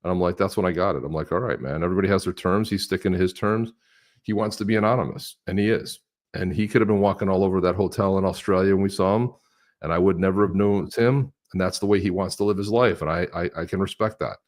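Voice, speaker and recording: A middle-aged man co-hosting a casual livestream chat, telling stories with lively impressions of other people. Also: sits low, quick pace. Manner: animated storyteller, mimics others with a raised voice. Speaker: co-host of a crypto livestream.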